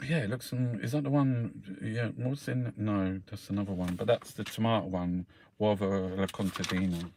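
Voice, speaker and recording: A man's voice: fairly low pitch, steady tone, normal speed, a little mellow, slight background noise. A man from South London with a Cockney accent, rambling in a casual monologue, swearing constantly and calling the listener mate. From South London, England. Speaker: host reviewing the newspapers.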